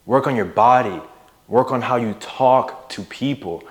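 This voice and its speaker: A young adult man coaching viewers in a motivational monologue, casual and emphatic, pushing his voice up and down to stress words and checking in with "right?". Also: a little slow. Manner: emphatic, varies loudness and pitch for emphasis, casual with "bro" and "right?". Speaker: mindset and fitness coach.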